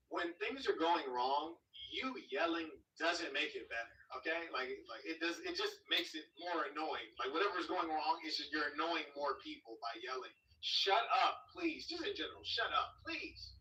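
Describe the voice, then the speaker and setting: A man's voice: a little high, animated, brisk, bright, forceful tone. A man doing live-stream reaction commentary in a casual, slangy, joking way. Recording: echoey room, far from mic.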